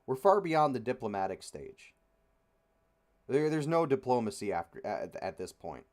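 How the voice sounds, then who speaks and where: A man's voice: medium pitch, sing-song, moderate pace, darkish tone. A young man hosting a casual podcast, rambling and frustrated, with many fillers and free swearing. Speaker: podcast host. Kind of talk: casual opinionated chat.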